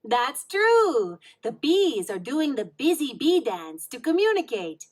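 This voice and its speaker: A woman's voice: high voice, sing-song, slow, exaggerated voice. A woman playing a kind, patient preschool teacher who explains things encouragingly in a storybook read-along.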